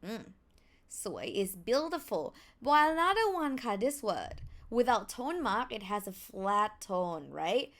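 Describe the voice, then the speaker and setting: A young woman with a Thai accent teaching a language lesson, slowing right down to sound out each tone. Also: on the high side, big pitch swings, fairly bright tone. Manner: slow, careful, drawn-out tone demonstrations.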